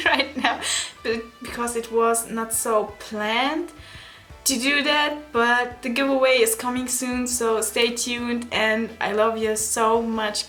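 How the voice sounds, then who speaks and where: Young woman, German accent, beauty vlogger, unhurried delivery, giggly, apologetic, hunts for words. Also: on the high side, fairly bright tone. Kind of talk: casual chat to camera.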